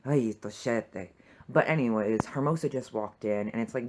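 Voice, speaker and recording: A young adult fan tears into a TV episode in a swearing, filler-packed rant. The talk is animated and fired up. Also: mid-range voice, a little slow. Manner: profane, heated, full of fillers. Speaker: TV fan reviewer. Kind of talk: reaction rant.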